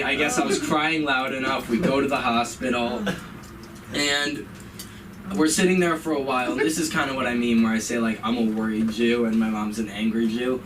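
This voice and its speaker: A young comedian on an open mic stage tells a story in a steady, mid-pitched voice, now and then raising it to play other people. He sounds a little distant from the mic. The room's ambience is clearly audible behind him. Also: normal speed, noisy background. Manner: storytelling, acts out his mother in a higher voice. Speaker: stand-up comedian. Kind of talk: stand-up comedy set.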